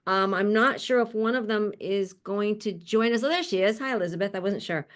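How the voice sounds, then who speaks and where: Her voice sits in the mid range and moves a little fast as she introduces panelists at an online event. Upbeat and chatty, she laughs a lot while giving these casual spoken introductions over a video call.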